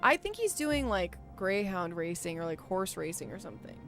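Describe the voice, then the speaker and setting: A woman's voice: medium pitch, big pitch swings, normal speed. A woman live-streaming a game in chatty, giggly commentary, swearing freely. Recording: faint music behind.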